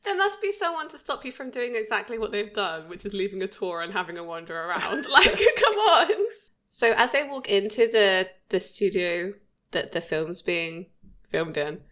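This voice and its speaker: Woman in her 30s chatting on a podcast, laughy, bouncy pitch. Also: moderate pace. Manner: chatty, laughs often, lively pitch jumps. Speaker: podcast co-host. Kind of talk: casual chat about a TV episode.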